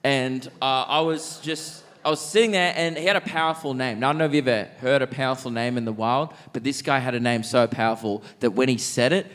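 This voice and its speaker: Young man telling stand-up stories. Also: mid-range voice. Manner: animated, acts out characters with quick voice shifts. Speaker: stand-up comedian. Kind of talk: stand-up comedy storytelling. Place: large theatre stage.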